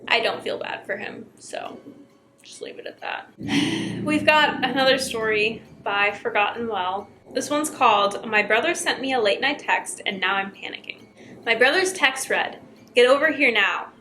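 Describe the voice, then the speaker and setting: Bright-voiced young woman reading scary stories. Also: a little high, a little hiss or hum, poor audio. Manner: dramatic reading broken by chatty asides. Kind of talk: reading stories aloud with reactions.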